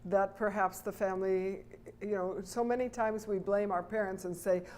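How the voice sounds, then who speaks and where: A middle-aged woman answering interview questions as a family relationship expert, earnest and animated, often acting out what a parent might say. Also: medium pitch, normal speed, a little hiss or hum.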